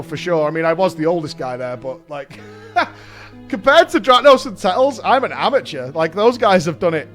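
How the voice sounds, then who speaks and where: Hoarse guy streaming, high-pitched and hyped, cursing and repeating himself while he reads chat. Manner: excitable, swears a lot, repeats himself, answers chat. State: hoarse from shouting. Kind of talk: casual chat with a live audience.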